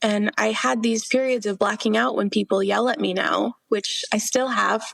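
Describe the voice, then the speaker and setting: A woman's voice: mid-range voice, steady tone, normal speed, vocal fry, no echo. A young woman guest on a podcast, earnestly telling her personal faith testimony, quoting herself and laughing through hard memories.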